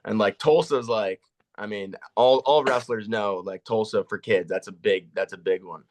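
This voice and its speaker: Laid-back young man, low voice. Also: normal speed, a little hiss or hum. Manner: relaxed, self-deprecating, laughs easily. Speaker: podcast guest. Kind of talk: casual chat.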